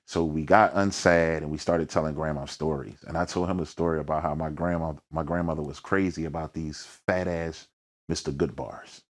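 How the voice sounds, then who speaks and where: A low-voiced man with a Philadelphia accent sits down for an interview about his rap career. He talks in thick slang and tells his stories with energy, acting out the voices and sounds in them. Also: steady tone, normal speed. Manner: slangy, peppered with "you know what I mean". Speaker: rapper, interview guest. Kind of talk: storytelling in a sit-down interview.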